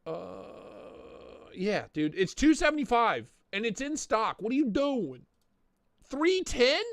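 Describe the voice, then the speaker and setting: A man's voice: high voice, big pitch swings, slow, gravelly, a bit bright, no room sound, studio quality. A man hosting a casual live stream, riffing and joking with mock indignation, with a stuffy, blocked nose. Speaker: livestream host reviewing knife listings.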